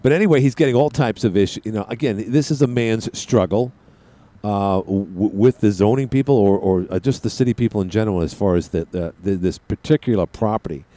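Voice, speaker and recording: Mellow-voiced rambling male radio host. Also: fairly low pitch, fairly quick. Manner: rambling, joking, digressive. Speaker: radio talk show host. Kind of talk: call-in talk radio chat.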